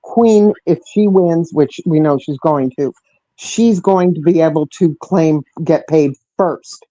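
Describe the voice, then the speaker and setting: A woman's voice: sits low, slow pace, warm tone, no echo. A woman calling into a livestream panel on speakerphone, explaining things firmly. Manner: firm, explanatory. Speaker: panel caller. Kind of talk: casual livestream panel chat. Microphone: phone on speakerphone. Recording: dull speakerphone audio.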